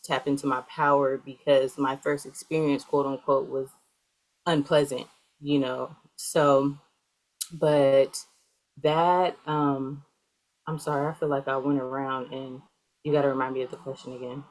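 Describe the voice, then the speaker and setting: A woman with a notably low, deep voice answers interview questions in a loose, wandering way. She is a young adult and fills her talk with plenty of "um" and "like". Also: level tone, a little slow, low-quality recording. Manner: rambling, filler-heavy. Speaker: guest, healer.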